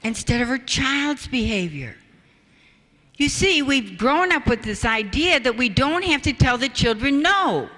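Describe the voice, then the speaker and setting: A woman giving a public talk on parenting, telling stories in an emphatic, animated way. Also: high-pitched, a little slow. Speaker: parenting speaker. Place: lecture hall. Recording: echoey hall reverb.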